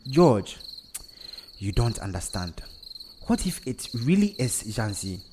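A man's voice: on the high side, sing-song, unhurried, background noise, voice pushed up. A man voicing a shaken, anxious middle-aged mother in a storybook reading.

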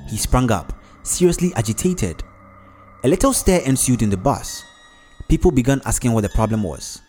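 Male narrator, steady mid-range storybook read. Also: medium pitch, normal speed, soft background music. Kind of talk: storybook narration with character voices.

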